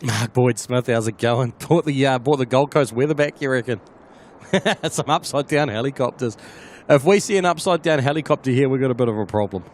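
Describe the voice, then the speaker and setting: A man's voice: medium pitch, fairly quick. A man with a New Zealand accent hosting a casual plane-spotting live stream, chatting and answering viewers by name.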